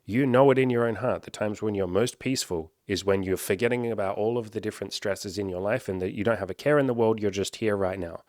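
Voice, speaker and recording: A man's voice: on the low side, fast talker, hardly any pauses, a little mellow, no echo, clean studio sound. A man, a self-help coach talking to his audience in a rambling, earnest monologue that is peppered with casual swearing.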